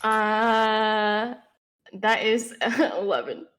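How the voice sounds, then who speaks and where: A woman's voice: medium pitch, extremely slow, a bit bright, clean tone. A woman with a mid-range voice plays in a tabletop game. She talks casually and easily, throwing in jokes. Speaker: player.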